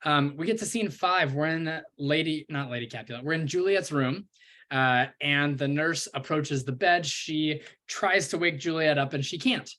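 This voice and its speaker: A man's voice: a little high, normal speed, sharp tone. A man teaching a play, explaining scenes in a casual way with many fillers. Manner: chatty, full of fillers.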